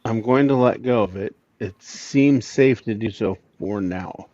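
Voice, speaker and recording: Lower-voiced man at a tabletop game. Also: measured pace, darkish tone, dry recording. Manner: questioning, checking the rules. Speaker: player. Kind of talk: casual tabletop play. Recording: dull lo-fi audio.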